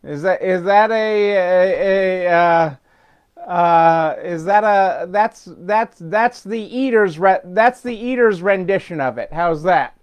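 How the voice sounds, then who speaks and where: A man's voice: high voice, takes it slowly, smooth, muffled recording. A middle-aged man hosting a weekly business update, talking casually and rambling with fillers, restarts and chuckles. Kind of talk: casual unscripted talk.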